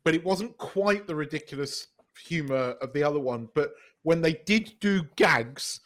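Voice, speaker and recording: Lively high-voiced man chatting. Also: moderate pace. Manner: animated, emphatic, swears casually. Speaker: podcast co-host. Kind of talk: casual chat.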